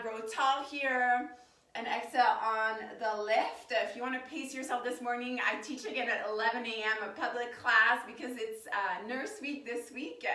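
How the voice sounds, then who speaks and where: A woman's voice: on the high side, pushed and bright. Woman, yoga teacher, stuffed up, casual and chatty, roomy echo. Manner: casual, chatty, laughs often. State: stuffed up from allergies. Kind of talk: live guided yoga class. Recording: roomy, from a distance.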